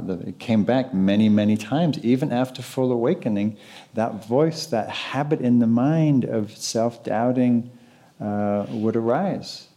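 Mellow low-voiced man giving a dharma talk. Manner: conversational, asks the audience questions. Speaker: meditation teacher. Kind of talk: live dharma talk to an audience.

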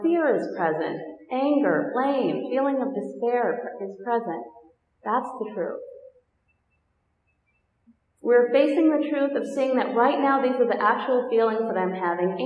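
Gentle woman meditation teacher in a hall. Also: on the high side. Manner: gentle, unhurried, reflective. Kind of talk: dharma talk to a group. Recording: echoey hall, dull lo-fi sound.

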